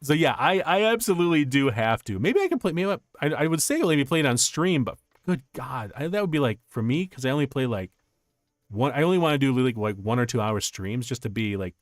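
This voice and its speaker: A young man streaming casual chat, telling stories in an animated, rambling way with many restarts. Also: mid-range voice, brisk, no room sound, clean studio sound.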